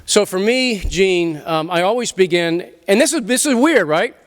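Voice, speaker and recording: A middle-aged man talks to a festival audience, his voice sitting a little high for a man. He speaks with lively emphasis, breaks off and restarts his sentences, and drops casual swearing into his points. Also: moderate pace. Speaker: author speaking at a literary festival. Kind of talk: animated talk and Q&A. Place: festival venue before an audience.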